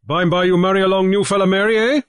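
A man voicing a genial sea captain who speaks briskly and heartily in an audiobook. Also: sits high, steady tone, fairly bright tone, smooth, no echo, clean studio sound, voice pushed up. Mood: hearty. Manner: hearty, brisk pidgin and plain speech. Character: genial male sea captain, firm and friendly. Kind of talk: audiobook character voice.

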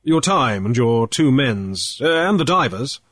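Male reader playing a shrewd sea trader, airy and brisk, slightly raised voice, dry sound. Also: medium pitch, sing-song, a bit bright, no echo. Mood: cool, probing. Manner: brisk, airy, with little hesitations. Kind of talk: audiobook character voice.

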